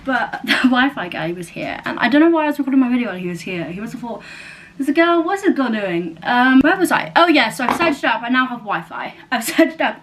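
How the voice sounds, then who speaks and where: A woman's voice: a little high, slight background noise. A young woman chatting casually at home, rambling with lots of fillers and self-corrections. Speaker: book vlogger. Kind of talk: casual chat. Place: new house, indoors.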